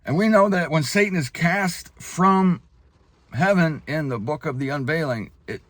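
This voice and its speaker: A man giving spoken Bible teaching in an emphatic way, slowing down hard on key phrases and leaping up for emphasis. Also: dry recording. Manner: animated, leaps up in pitch for emphasis.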